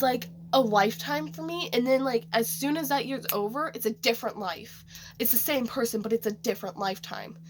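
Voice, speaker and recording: A woman vlogger telling a story in a casual, rambling way, saying "like" a lot. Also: a little high. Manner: rambling, heavy use of "like".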